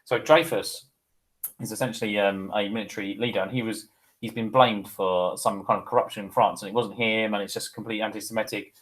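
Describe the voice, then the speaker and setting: A man's voice: on the low side, steady tone, a little fast, a bit bright, rough recording. A man giving an informal, chatty history lesson, often checking in with the viewer and wandering off on tangents. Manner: chatty, digressive, addresses viewer with "okay?". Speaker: history teacher.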